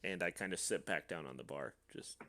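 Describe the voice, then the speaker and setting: A man playing a tabletop game, talking quietly in a halting way. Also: deep voice, a little hiss or hum. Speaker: player. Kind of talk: casual tabletop play.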